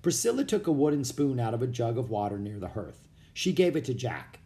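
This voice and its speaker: A man reading a children's book aloud as narrator, with expressive storytelling. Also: mid-range voice, a little fast. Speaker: audiobook narrator.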